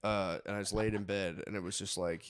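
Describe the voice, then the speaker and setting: A man's voice: sits low, fairly even intonation, a little fast, clear, resonant tone. A young man telling a long story in casual chat with friends, rambling, swearing, often laughing and restarting his sentences.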